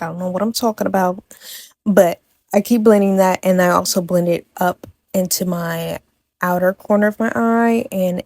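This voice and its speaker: A woman's voice: fairly low pitch, darkish tone, no echo. A young adult woman talking through a makeup tutorial in a casual, chatty way, tossing in playful asides and correcting herself as she goes. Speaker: makeup vlogger.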